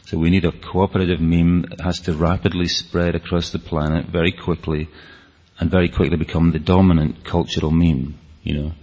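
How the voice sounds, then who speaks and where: A man's voice: low-pitched, flat delivery, a little fast, a little mellow, breathy edge. A man with a Scottish accent giving an earnest, rambling talk to an audience, often restarting his sentences. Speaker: speaker. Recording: dull, lo-fi hall recording.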